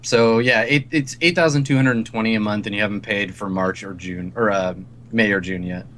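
A man's voice: lowish voice, fairly quick, fairly bright tone, slight background noise. A man as game master, narrating a tabletop game loosely with many fillers, over a video call.

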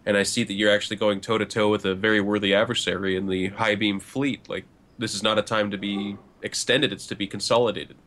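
A man voicing a confident starship captain who speaks in a measured, lecturing way. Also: lowish voice, little pitch movement, fairly bright tone, lightly acted. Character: confident male starship captain, tactical and proud.

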